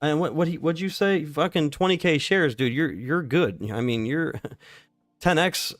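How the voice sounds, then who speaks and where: A man's voice: on the high side, measured pace, no room sound, studio quality. A man hosting a casual livestream, talking loosely and profanely with lots of "dude" and "like.". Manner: loose, slangy and profane, says "dude" and "like" often. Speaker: livestream stock market host. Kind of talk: casual live trading chat.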